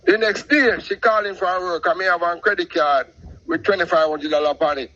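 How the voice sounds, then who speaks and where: A middle-aged Jamaican man telling a long personal story in patois, animated and talkative, calling in to a show. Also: high-pitched, fairly quick, dull audio. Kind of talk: casual storytelling on a call-in show.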